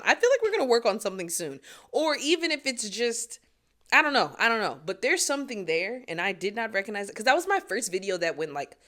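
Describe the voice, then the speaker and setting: A woman's voice: on the high side, brisk. A young woman singer talking casually to her viewers, recorded on her phone, laughing often as she reflects. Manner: animated, laughs often, talks to viewers directly. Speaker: singer and vlogger. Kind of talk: casual reflective vlog to camera.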